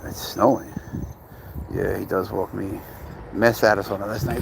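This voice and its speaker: A creaky male voice with little pitch movement and a normal speed hosts a pet livestream from Canada, over a faint hiss or hum. He chats with viewers in slang, shouts out their locations, and lifts into high, playful baby talk toward his pet.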